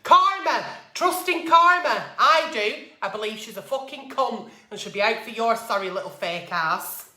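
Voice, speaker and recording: A woman's voice: fairly high pitch, lively intonation, moderate pace, hardly any pauses, bright, forceful tone, echoey room. A woman vlogger answering advice letters at her table, blunt and heavily profane, ranting in a fired-up way. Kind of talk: casual advice rant. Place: at a table at home. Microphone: camera mic.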